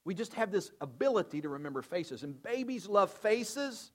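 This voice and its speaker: An older man preaching a sermon in an earnest, conversational way, often dropping to soft, low tones to stress a point. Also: big pitch swings, moderate pace. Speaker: pastor.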